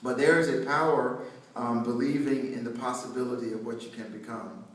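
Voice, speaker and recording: A man's voice: medium pitch, fairly even intonation, a little fast. A man from North Carolina giving an inspirational speech to students, joking and conversational, with frequent restarts. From North Carolina, USA. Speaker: motivational speaker addressing students. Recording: very echoey hall, heard from a distance.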